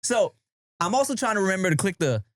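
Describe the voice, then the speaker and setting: A man's voice: high voice, very animated, fast talker, no room sound, clean studio sound. A man hosting a podcast, telling a story in casual chat with slang and swearing. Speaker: podcast host.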